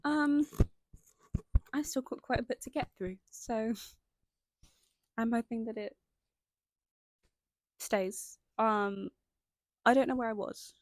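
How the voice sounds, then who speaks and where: A woman's voice: a little high, fairly even intonation, takes it slowly, pauses often, no room sound. A young woman narrating a scripted video essay, stopping now and then for chatty, self-conscious asides. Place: indoors at home, lighting changing.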